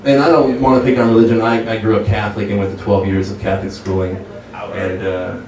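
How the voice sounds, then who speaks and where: A man's voice: lowish voice, little pitch movement, quick pace, a little mellow. A man doing a stand-up comedy set with brash, crude punchlines. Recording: echoey club from far off with crowd. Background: crowd laughing.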